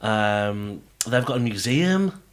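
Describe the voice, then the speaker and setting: Podcast co-host from England, bright, animated, enthusiastic storyteller. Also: male voice, fairly low pitch, takes it slowly. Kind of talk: casual chat.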